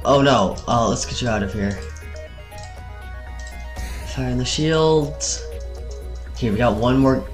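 A man hosting a let's play, reacting with excitable outbursts and plenty of fillers while he orders his crew around. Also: mid-range voice, slow pace, pauses often, soft background music. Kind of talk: casual gameplay commentary.

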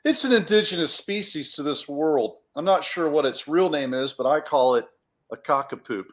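A boastful chicken-headed monster guy, as a man puts him on for a storybook read-aloud. He brags in a showy way, his voice pitched up and loud. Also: normal speed, lightly acted. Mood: bragging. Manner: bragging, showy.

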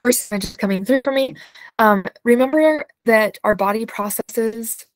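A woman leading an unscripted guided imagery session, speaking slowly and soothingly, with soft laughs and sighs. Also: a little high, dry recording, rough recording. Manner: slow, soothing guidance with soft laughs and yawns.

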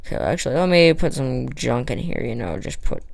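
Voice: medium pitch, sing-song, a little fast, gravelly, dry recording. A gamer giving casual, rambling commentary while building in a block game, with lots of fillers and self-talk. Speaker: Minecraft let's player.

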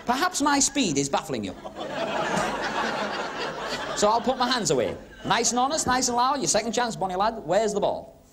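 A man's voice: high-pitched, big pitch swings. Cheeky magician teasing his volunteers. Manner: cheeky, teasing banter, quick asides. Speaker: stage magician and comic host. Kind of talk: comic magic patter with audience volunteers. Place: club stage before a live audience. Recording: 1970s TV broadcast with crowd laughter and hiss. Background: audience laughing and murmuring.

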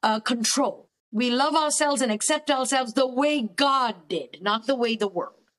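A woman's voice: high voice, measured pace, a bit bright. A woman therapist guest speaking earnestly and emphatically, often repeating words for stress. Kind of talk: faith-based counselling conversation.

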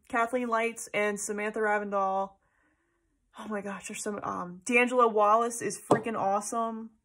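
A woman vlogger in loose, casual chat, with a bright, forward tone. She gushes and rambles, filling pauses with ums and wandering off on tangents. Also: medium pitch. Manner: gushing, rambling, with many fillers and tangents. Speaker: planner vlogger.

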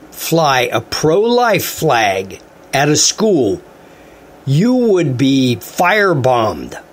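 A man hosting a talk radio show, ranting in an indignant, rambling way. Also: fairly high pitch.

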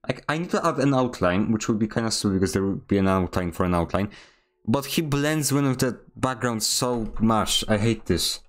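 A man's voice: lowish voice, lively intonation, moderate pace. Playful man streaming games. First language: Polish. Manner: playful, mock-dramatic teasing. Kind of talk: casual gameplay streaming.

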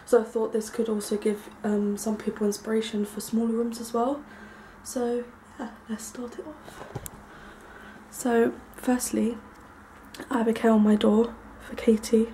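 A young woman giving a casual, rambling tour of her small bedroom, full of ums and likes, sometimes hushed. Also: a little high, little pitch movement, unhurried, a little hiss or hum. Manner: hushed at times so as not to wake her brother. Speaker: vlogger. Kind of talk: casual room tour vlog.

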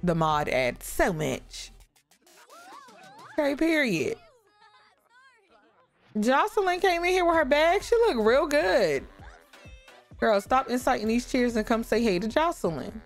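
A woman giving lively, chatty commentary on a life-sim game, talking to her viewers. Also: high voice, unhurried, pauses often, soft background music. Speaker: gaming YouTuber. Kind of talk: casual gameplay commentary.

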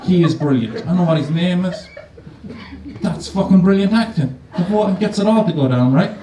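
A man with a slightly high voice tells a stand-up story, chatty and loose with plenty of swearing. He sounds a little distant from the mic in an echoey live room. Steady crowd noise fills the space around him. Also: moderate pace. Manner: swearing, conversational, animated storytelling with a live audience laughing. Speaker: stand-up comedian. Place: stage in a comedy venue, before an audience. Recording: echoey live venue, voice from far off, audible audience noise.

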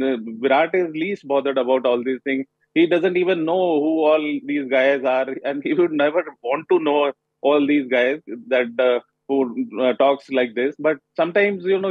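A man being interviewed live on a TV panel as a cricket coach, speaking haltingly with many pauses. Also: fairly high pitch, breathy edge, no room sound. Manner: halting, pausing often with fillers. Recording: tinny phone line.

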